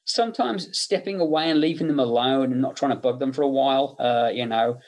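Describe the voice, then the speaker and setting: A man's voice: mid-range voice, brisk, a little mellow. A middle-aged man, a makeup effects artist, chatting casually in an interview and telling anecdotes with many fillers.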